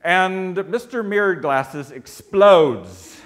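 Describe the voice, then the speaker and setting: An American man telling a comic expedition story on stage, animated and wry, with comic pauses. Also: fairly high pitch. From United States.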